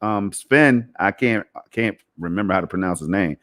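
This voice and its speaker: Hosting a relaxed gaming podcast, this man speaks briskly in a low, slightly bright voice. His style is easygoing and full of slang, with "man" and "bro" in nearly every sentence.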